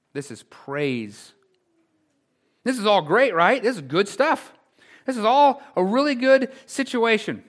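Male pastor, high voice, lively sermon delivery swinging between hushed and shouted. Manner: animated preaching, swinging from quiet asides to loud exclamations; conversational, asks rhetorical questions.

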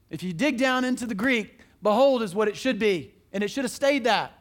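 A man preaching a sermon as pastor, telling a story in an animated, emphatic, conversational way in a church. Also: sits high, fairly quick.

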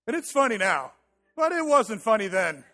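A pastor in his thirties delivers a sermon in a relaxed, conversational way. His voice sits high for a man. He tells a story about himself with self-deprecating humor, often restarting and repeating words. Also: moderate pace.

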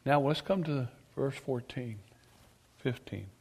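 A male preacher delivering an emphatic sermon, asking his congregation questions and swinging between loud declarations and quiet asides. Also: mid-range voice, slow pace, gravelly, husky. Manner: emphatic, rises and drops sharply, asks the congregation questions. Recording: long reverb of a church hall.

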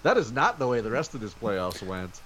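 A man's voice: medium pitch, big pitch swings, normal speed, a bit bright, a little hiss or hum. A man co-hosting a sports podcast from home over a video call, talking energetically in casual chat. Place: home during a snow day.

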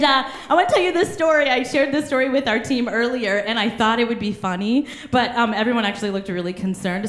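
A woman preaching a sermon, telling stories animatedly with frequent laughter. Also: a little high. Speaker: pastor. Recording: echoey room.

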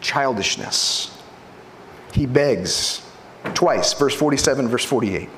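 A man preaching a sermon, asking rhetorical questions and swinging between loud emphasis and hushed lines. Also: medium pitch, lively intonation, slow, slight background noise. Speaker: pastor.

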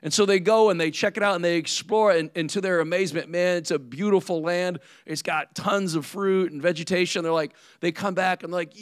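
A man's voice: sits high, fairly even intonation, fairly quick, few pauses, clean tone, dry recording, clean studio sound. A man preaching a sermon as pastor in a conversational way, often checking in with "right?".

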